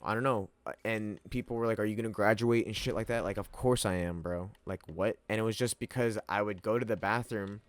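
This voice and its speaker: A young man telling a story in a loose, rambling way, peppered with slang, curses and bursts of laughter. His voice sits a little low for a man. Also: a little fast, dry recording. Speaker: vlogger. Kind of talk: casual storytelling to camera.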